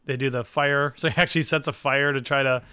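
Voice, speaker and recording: A man in casual chat, telling animated stories, laughing often and swearing freely. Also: mid-range voice, fast talker, clear, resonant tone, no echo, studio quality.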